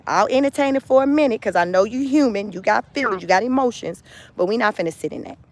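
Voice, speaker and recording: A woman's voice: on the high side, expressive, fast. A woman hosting a casual motivational livestream, talking emphatically, repeating phrases and laughing often. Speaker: livestream host.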